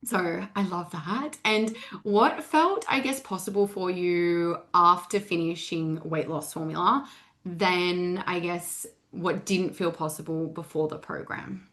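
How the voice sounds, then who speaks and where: Chatty woman coach, low voice. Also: slow, a bit bright. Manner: chatty, filler-heavy, laughs easily, swears casually. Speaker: podcast host and weight loss coach. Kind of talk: casual interview chat.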